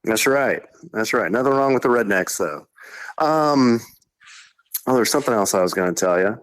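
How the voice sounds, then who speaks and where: Animated, joking Texan man. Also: medium pitch, moderate pace, smooth, no echo. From Texas. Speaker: podcast co-host calling in. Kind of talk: casual chat.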